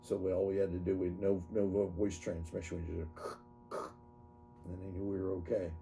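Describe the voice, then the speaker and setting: A man in his seventies, an army veteran, recounting his memories in an oral history interview, halting and correcting himself as he goes. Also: deep voice, flat delivery, gravelly, warm tone, faint music behind. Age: 70s. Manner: halting, self-correcting storytelling.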